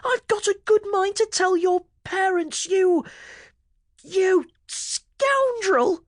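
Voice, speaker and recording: A man voicing a flustered nine-year-old boy who wails and yelps in a high shrill voice. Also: big pitch swings, slow, a bit bright, dry recording, studio quality, exaggerated voice. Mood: outraged. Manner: high shrill wailing, indignant.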